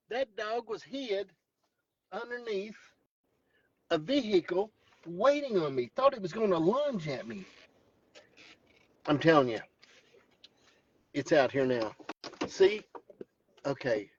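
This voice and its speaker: This man's voice is a little high yet darkish and husky, captured in dull audio. He hosts a vlog from his truck on the way home, telling a joking, exaggerated, mock-dramatic story in a Southern Appalachian accent.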